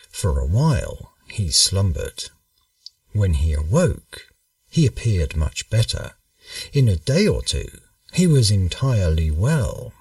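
A man reading a history story aloud as a measured, storytelling narrator. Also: fairly low pitch, dry recording, distant mic. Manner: slow, measured, lively storytelling.

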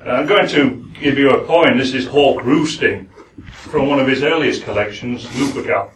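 A man with a Yorkshire accent giving a lecture-style speech at a forum. He talks haltingly, with many "uh"s and self-deprecating asides. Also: medium pitch, a little hiss or hum. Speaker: guest speaker at a forum. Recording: echoey hall, speaker far from the mic.

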